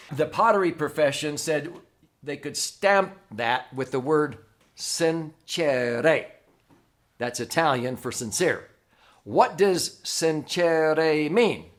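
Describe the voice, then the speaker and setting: A male host giving a conversational teaching monologue, often checking in with "okay?". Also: fairly high pitch. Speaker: host, financial educator.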